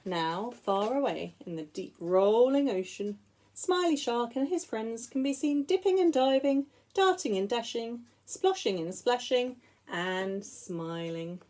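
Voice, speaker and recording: A woman teacher reading picture books aloud to young children in an expressive, sing-song way. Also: a little high, measured pace. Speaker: school teacher.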